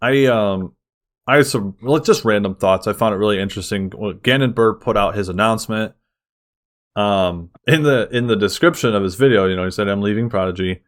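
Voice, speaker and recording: A man co-hosting a sports podcast in casual chat, excitable and full of fillers. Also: on the low side, brisk. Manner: excitable, uses lots of fillers. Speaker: podcast co-host.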